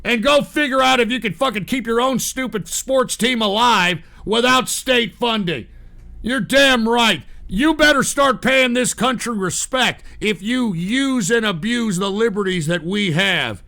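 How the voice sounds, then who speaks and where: A man delivering an angry, profane political rant, breaking into loud shouts and whoops. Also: extremely high pitch, a little slow, creaky. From Texas.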